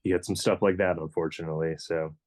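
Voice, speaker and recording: A man with a low voice talking as a band guest on a podcast. He rambles through his points, leaning on "you know", and slips into self-mocking jokes. The delivery is relaxed and conversational. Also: quick pace. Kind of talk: casual podcast chat.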